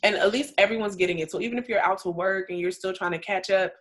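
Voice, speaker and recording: A young woman co-hosting a podcast in casual chat, animated and joking with slangy phrasing. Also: mid-range voice, fast talker. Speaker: podcast co-host.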